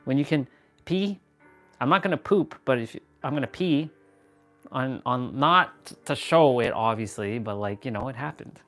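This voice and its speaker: A man's voice: mid-range voice, normal speed, a bit bright, faint music behind. A man chatting casually on a phone live stream, goofy and joking, poking fun at himself. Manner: goofy, joking, self-mocking.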